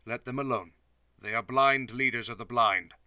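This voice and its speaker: A man doing a quiet, solemn teacher. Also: no room sound. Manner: quiet, low, measured. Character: calm, solemn male teacher rebuking critics.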